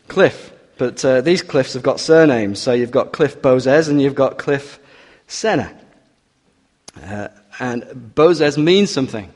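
A man preaching in a reverberant hall. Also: medium pitch. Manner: builds to emphatic urging, teasing asides to the congregation. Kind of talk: expository sermon.

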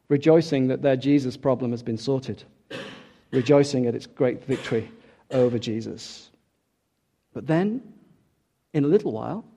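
A man preaching a sermon, emphatic, dropping soft and then rising loud for key points. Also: on the high side, dull audio.

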